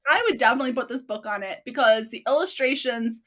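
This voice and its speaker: Chatty woman podcaster, kinda high voice, keeps cracking up. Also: fast talker, a bit bright. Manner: giggly, gushing, breaks into laughter. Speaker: podcast host. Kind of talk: casual chat about books.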